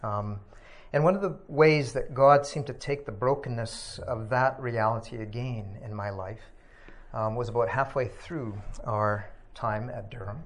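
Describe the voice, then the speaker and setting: A middle-aged man giving a personal testimony, reflective and halting, with many pauses and filler sounds. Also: mid-range voice. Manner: reflective, halting with frequent ums and uhs. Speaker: speaker sharing a personal testimony.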